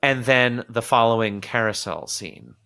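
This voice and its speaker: A man hosting a podcast, talking about a film in an animated, casual way and sometimes quoting characters in little acted voices. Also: mid-range voice, a little slow, creaky, clear, resonant tone. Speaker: podcast host.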